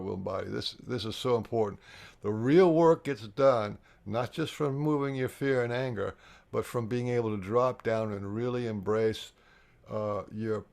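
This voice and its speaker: A man leading a live online healing workshop, explaining the steps earnestly and pausing often to restart and repeat his words. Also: on the low side, gravelly, darkish tone. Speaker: workshop facilitator.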